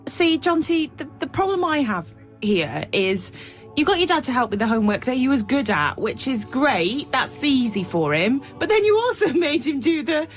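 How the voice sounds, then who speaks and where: A woman's voice: sits high, big pitch swings, normal speed, faint music behind. A female radio co-host in casual banter, chatty and mock-scolding.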